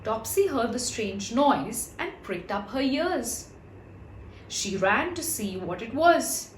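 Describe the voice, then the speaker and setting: A woman reading a children's storybook aloud, gentle and expressive, with chatty asides to young listeners. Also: on the high side, slow pace, slight background noise. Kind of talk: children's read-aloud narration. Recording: roomy echo.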